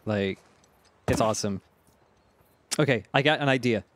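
A man's voice: medium pitch, moderate pace, a bit bright, no room sound. Playful male co-commentator, goofy casual riffs, mid voice. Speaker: let's play commentator.

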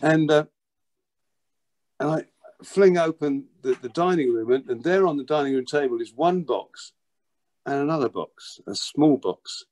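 An older drummer, appearing as an interview guest, tells an anecdote from his past in a somewhat high, darkish voice with lively intonation at a measured pace. He's animated, stumbling and repeating words as he acts out scenes, and often says "you know."

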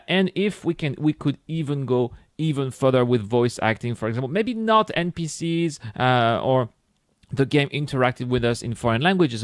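A man's voice: mid-range voice, dry recording, studio quality. A young man with a French accent, a French native speaker, hosting a casual gaming video and musing enthusiastically with many fillers and restarts.

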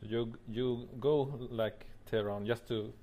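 A man interviewing a guest, asking calm, low-key questions. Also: slow.

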